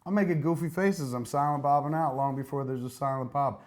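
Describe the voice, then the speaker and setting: A man's voice: medium pitch, fairly quick, a little mellow. A man in his forties hosting, wryly and self-mockingly commenting on old footage. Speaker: host.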